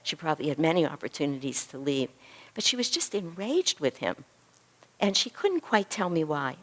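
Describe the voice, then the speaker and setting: A woman's voice: low voice, moderate pace. A middle-aged woman, a physician and spiritual teacher, telling a story to a class and acting out the dialogue. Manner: animated storyteller who acts out dialogue.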